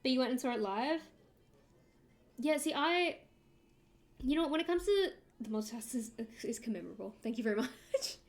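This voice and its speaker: A woman's voice: sits high, animated, normal speed, long pauses. Chatty young Australian woman streaming. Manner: rambling, chatty, reads and answers chat aloud. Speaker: livestreamer. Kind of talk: casual live-stream chat while drawing.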